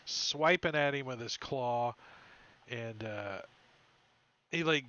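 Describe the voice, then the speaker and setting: Bright-voiced man running a tabletop game. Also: medium pitch, slow. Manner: loose, rambling narration with goofy creature voices. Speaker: dungeon master. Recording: dull lo-fi stream audio.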